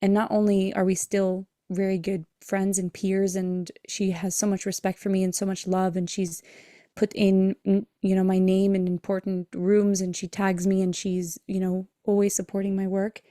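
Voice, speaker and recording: A woman's voice: mid-range voice, little pitch movement, normal speed, dark tone, no echo, studio quality. Earnest woman telling a personal story. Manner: emotional, earnest, acts out dialogue in her story. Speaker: podcast host and breathwork coach.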